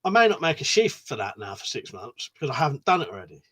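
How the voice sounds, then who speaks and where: A man's voice: medium pitch, very animated, fast talker, a bit bright. A man hosting a casual livestream, reading viewer messages aloud and chatting back in a matey way, swearing freely. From United Kingdom. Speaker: livestream host.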